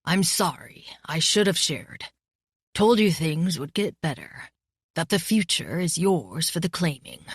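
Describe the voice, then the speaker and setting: A gruff old bearded mentor, as a woman voices him, speaking in a slow, firm and gently sorrowful way. The delivery is dry and close, from an audiobook reading. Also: low voice, sing-song, no room sound, exaggerated voice. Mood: grave.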